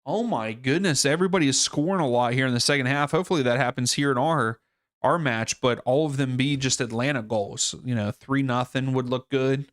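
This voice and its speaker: A man's voice: mid-range voice, a little fast, no echo, studio quality. A man hosting a live soccer watchalong stream, chatting casually and thinking aloud with fillers and restarts. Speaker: livestream watchalong host.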